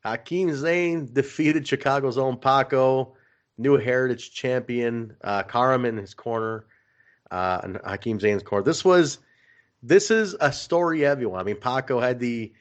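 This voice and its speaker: A man in his usual speaking range co-hosts a casual podcast and tells stories with animated energy, laughing through them. The recording sounds a little dull and lo-fi. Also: mid-range voice, measured pace. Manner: animated storyteller, laughs while retelling. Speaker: podcast co-host.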